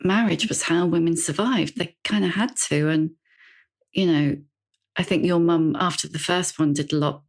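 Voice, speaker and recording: Lady podcast host, lower voice, reflective, kinda hunts for her words. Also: normal speed. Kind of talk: conversational interview.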